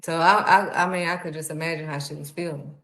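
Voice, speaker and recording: A woman preaches, speaking in a heartfelt, conversational way. Her voice sits a little low for a woman. The sound carries a noticeable echo from the room around her. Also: steady tone, fast, a bit bright. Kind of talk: sermon. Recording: echoey room.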